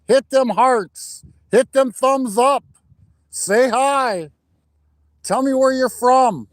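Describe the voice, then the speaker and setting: A man, his voice sitting high for a man, talks slowly and cheerfully to his live chat. He greets viewers by name while standing out on a frozen lake. The sound comes from a phone mic out in the open wind. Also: no room sound. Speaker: livestream host. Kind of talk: casual live-stream chat. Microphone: phone mic without plugged-in mic, wind noise.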